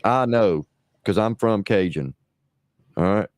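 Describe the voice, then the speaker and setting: A middle-aged New Orleans man hosts a livestream, riffing crudely and sarcastically in a rambling, mocking commentary. He speaks slowly with a fairly low pitch.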